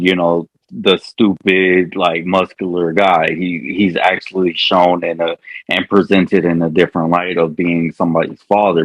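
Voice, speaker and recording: A man co-hosting a podcast, speaking in a halting way with many restarts. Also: deep voice, no room sound, low-quality recording. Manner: halting, restarts often, hesitant. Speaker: podcast co-host. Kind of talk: casual chat.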